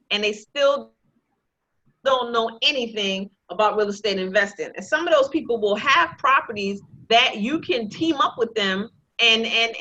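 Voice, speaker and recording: A woman teaching a real estate investing class, talking in a lively, joking, sales-pitch way. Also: lo-fi sound. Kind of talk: live online class presentation.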